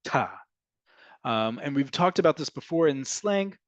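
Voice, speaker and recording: A man's voice: fairly high pitch, expressive, normal speed, no echo, low-quality recording. A man teaching an online Hebrew class, explaining grammar and answering questions as they come in.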